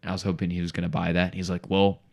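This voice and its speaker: A young man with a very deep voice tells a story over casual podcast chat. He acts out the other people in it as he goes. He keeps saying "dude" and "bro". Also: fast talker, creaky. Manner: animated storyteller, acts out quotes, says "dude" and "bro" a lot. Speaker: podcast co-host.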